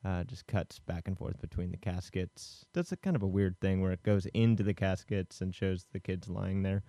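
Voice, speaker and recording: Low, mellow man on a film podcast. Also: normal speed, no echo. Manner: rambling, filler-heavy retelling of a film plot. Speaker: podcast co-host. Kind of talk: casual film podcast chat.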